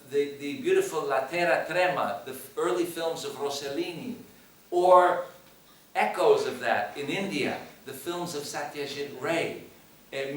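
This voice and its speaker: A man from the United States, a film director speaking at a screening Q&A, talking emphatically with repeated phrases and rhetorical questions. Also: fairly high pitch. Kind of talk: post-screening Q&A talk. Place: cinema hall. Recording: echoey hall, voice from far off, faint noise.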